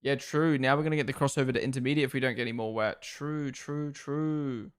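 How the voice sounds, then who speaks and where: Young male streamer, chatty watchalong host who reacts live and thanks chat, mid-pitch voice. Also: rapid-fire. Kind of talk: casual live-stream commentary.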